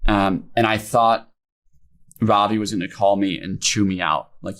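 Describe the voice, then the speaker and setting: Candid young founder, low voice, lots of "like". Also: male voice, fairly even intonation, moderate pace, fairly bright tone. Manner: informal, many fillers like "like" and "um", emotional retelling. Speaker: founder guest. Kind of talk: candid podcast interview storytelling.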